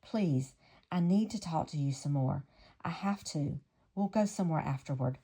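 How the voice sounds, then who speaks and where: Woman voicing a soft-spoken young male singer, low mellow tone, earnest and gentle. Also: normal speed, husky.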